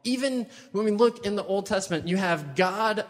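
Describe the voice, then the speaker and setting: A man preaching a sermon with slightly high pitch and animated, dramatic storytelling. His voice carries a long reverb, as in a large hall. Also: moderate pace. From United States.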